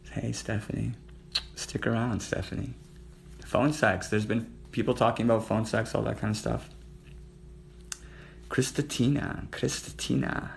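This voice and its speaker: A man hosts a flirty livestream, chatting to viewers and naming them one by one. His voice sits low and gravelly, and it sometimes sinks to a near-murmur. A faint hiss runs under the phone-mic recording. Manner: flirtatious, addressing viewers by name, drops to murmurs. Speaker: livestream host.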